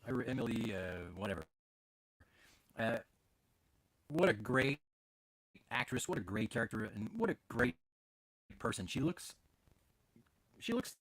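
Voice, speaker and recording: A man's voice: medium pitch, fairly bright tone, no room sound. A man hosting a podcast from home in casual chat, rambling with many fillers and restarts. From Canada. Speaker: podcast host. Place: at home with his dog.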